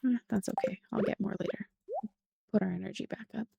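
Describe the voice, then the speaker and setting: A woman giving soft, playful, unhurried commentary while playing a relaxing game. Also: mid-range voice, fairly even intonation, gravelly, slightly rough, no room sound. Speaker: gaming channel host. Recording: game music underneath.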